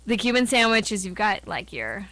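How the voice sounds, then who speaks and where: A young woman from Florida co-hosting a college radio show, chatty and quick to laugh. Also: mid-range voice, big pitch swings, bright, forceful tone, no room sound. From Tampa, Florida. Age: young adult. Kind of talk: casual radio chat.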